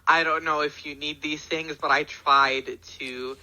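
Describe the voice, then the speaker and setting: A man's voice: a little high, fairly even intonation, pushed and bright, clear, resonant tone, low-quality recording. A man playing a panicked young adventurer. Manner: rushed, stammering.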